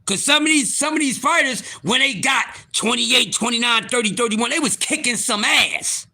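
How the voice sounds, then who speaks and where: A man in his fifties hosting a live stream, ranting loudly and profanely at his viewers in disbelief. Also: very high-pitched, normal speed. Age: 50s. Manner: loud, profane, incredulous ranting. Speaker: livestream host.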